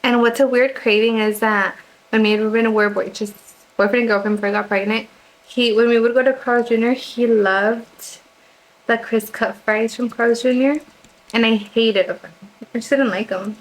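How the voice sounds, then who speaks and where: A woman's voice: fairly high pitch, fairly even intonation, normal speed, poor audio. A young woman vlogger chatting casually through a personal storytime while getting ready, quoting others in her own voice.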